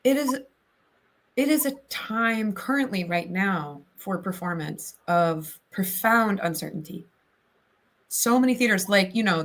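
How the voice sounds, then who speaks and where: A woman's voice: lowish voice, fairly bright tone. A woman from southern Ohio, an actor, chatting as a guest on a livestream interview with lots of fillers. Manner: chatty, talks in quick bursts with many fillers.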